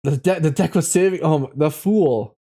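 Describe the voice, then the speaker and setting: A man's voice: fairly high pitch, normal speed, dark tone. A man live-streaming casually, reading chat messages aloud and drawing tarot cards, reflective and encouraging, laughing often.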